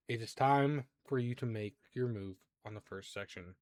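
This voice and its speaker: A man narrating a tabletop game as game master, halting with many fillers and quick to laugh. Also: on the low side, no room sound.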